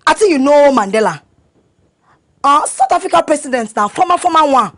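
An actress playing a boastful young woman who brags loudly in sing-song Nigerian Pidgin English in a Nollywood home-video drama. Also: sits high, lively intonation, a little fast. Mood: bragging. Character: boastful young woman bragging about her admission letter. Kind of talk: Nollywood film acting.

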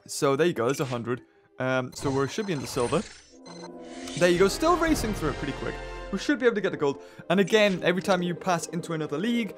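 A man from England, hosting casual let's-play commentary, rambling and chatty with lots of fillers and restarts. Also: on the high side. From northern England. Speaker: gaming video host.

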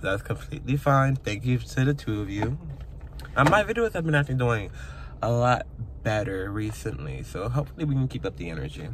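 Filming a casual vlog from his car outside work, this young man speaks to his phone camera in a chatty, emotional way and laughs at himself. His medium-pitched voice is very animated and a little fast. A bit of hiss or hum can be heard.

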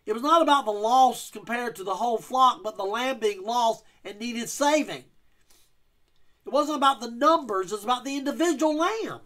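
A man's voice: extremely high pitch, a bit bright. A male pastor giving a verse-by-verse teaching sermon, explaining scripture and reading King James wording with emphasis.

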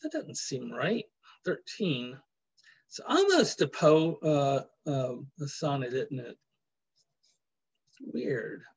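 A man's voice: fairly high pitch, sing-song, slow, vocal fry, pauses often, breathy edge, low-quality recording. A male professor giving a chatty, joking university lecture in a classroom, with many fillers.

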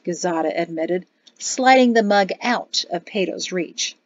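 A woman narrating an audiobook in an expressive storytelling voice. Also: on the low side, unhurried, dry recording, dull audio. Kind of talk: scripted narration.

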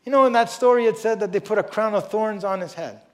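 A pastor preaching a sermon and reading scripture aloud, emphatic, moving between loud stresses and quiet asides, with conversational "you know" remarks. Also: male voice, high-pitched, fast. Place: church service before a congregation.

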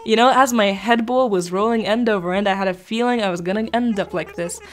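A woman's voice: mid-range voice, a little fast, close to an everyday voice. A woman reading out the lines of a glum talking snowman in a video game, in a plain reading voice.

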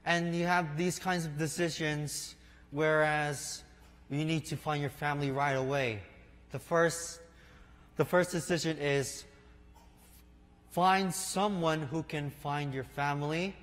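A man preaching a sermon in an unhurried storytelling way, speaking to listeners as his friends. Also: on the high side, fairly even intonation, a bit bright. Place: church sanctuary. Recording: long reverb of a large hall.

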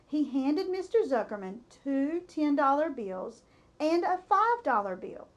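A woman reading a children's novel aloud, narrating expressively. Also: sits high. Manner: slow, expressive storytelling. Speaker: storybook reader.

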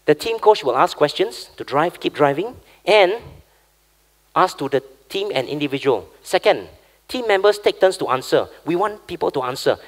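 A man with a high, upbeat voice runs a live coaching workshop. He keeps the room moving, checks in with "okay?" after nearly every point, and speaks with a lot of push and energy. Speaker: workshop facilitator.

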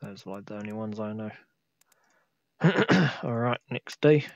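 A man's voice: fairly low pitch, measured pace, dry recording, lo-fi sound. Tired man commentating a flight game. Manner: relaxed, thinking aloud, humming to himself. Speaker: gameplay video host. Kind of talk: casual gameplay commentary.

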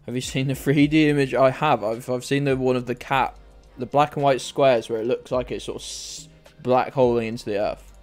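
Medium in pitch and fairly even in intonation, this British streamer's darkish voice moves at a moderate pace. He chats in a rambling, casual way with viewers during a geography game, cursing freely over faint background music.

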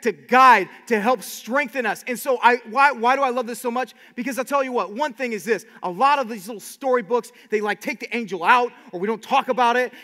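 A man preaching a sermon to his congregation, animated, with many repeated words and quick asides. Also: high voice, long reverb tail. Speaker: pastor.

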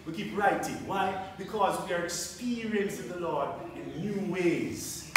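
High-voiced preacher in an echoey hall. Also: male voice, a little slow, few pauses. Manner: repetitive, rhetorical questions, call-and-response. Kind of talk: sermon. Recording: very echoey, from a distance.

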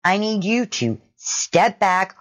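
A woman's voice: medium pitch, sing-song. A confused male store manager, played by a woman narrator, stepping in politely. He hesitates and stumbles over his words. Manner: hesitant, halting.

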